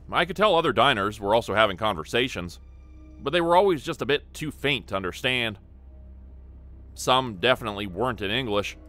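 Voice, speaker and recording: A man's voice: medium pitch, bright, forceful tone. A man narrating a first-person horror story in an earnest, scripted telling.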